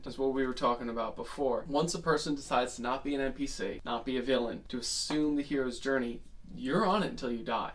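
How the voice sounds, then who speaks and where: A man's voice: medium pitch, brisk, fairly bright tone. A man co-hosting a podcast, talking through ideas and reading quotes aloud with a put-on British accent. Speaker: podcast co-host. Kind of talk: podcast discussion with long read-aloud quotes.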